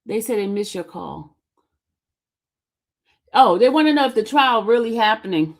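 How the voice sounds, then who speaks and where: A woman's voice: fairly high pitch, expressive, normal speed. A woman hosting a casual live stream, teasing her chat and laughing often. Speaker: livestream host.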